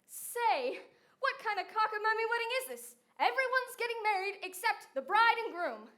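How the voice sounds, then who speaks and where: A woman playing a gruff, harried middle-aged male producer in a stage musical, blustering and fast-talking. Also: very high-pitched, very animated, sharp tone, heavily acted.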